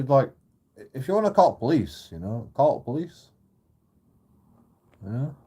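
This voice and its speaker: A man's voice: medium pitch, warm tone. A man telling a sweary, rambling, indignant story in a casual vlog. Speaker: YouTube auditor and streamer.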